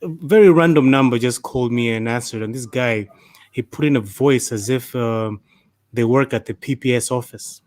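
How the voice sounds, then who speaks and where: Man panelist, mid-pitched, rambling and repetitive, dry close sound. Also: moderate pace, darkish tone, no echo. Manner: rambling storyteller, repeats words. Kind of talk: casual discussion.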